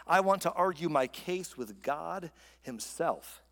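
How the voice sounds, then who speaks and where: A suffering man, bitter and sarcastic, as a preacher puts him on. He pleads and jabs by turns, with a fairly high pitch. His words trail into a long hall reverb. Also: expressive, slow, a bit bright, full character voice.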